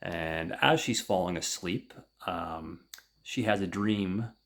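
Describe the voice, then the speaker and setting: A man hosting a podcast, recapping a comic book in a casual, halting way with many fillers. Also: sits low, a bit bright. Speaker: podcast host.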